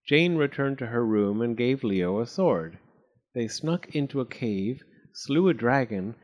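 Man, storybook narrator, lively animated pitch, expressive reading.

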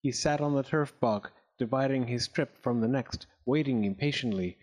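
A man reading a story aloud with expressive, dramatic narration. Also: mid-range voice, normal speed.

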